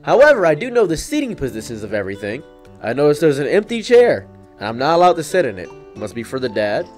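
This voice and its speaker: A young man hosting a comedic storytime, delivering it in a deadpan, mock-dramatic way with wry asides. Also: a little high, fast, faint music behind. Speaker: storyteller, channel host.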